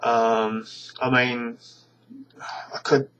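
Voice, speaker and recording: Man, British accent, casual rant to camera, stammering restarts, exasperated, tense bright voice. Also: mid-range voice, little pitch movement, extremely slow, smooth, dull audio. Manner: rambling, with frequent stammered restarts; scornful, exasperated. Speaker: vlogger. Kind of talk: casual ranting monologue to camera.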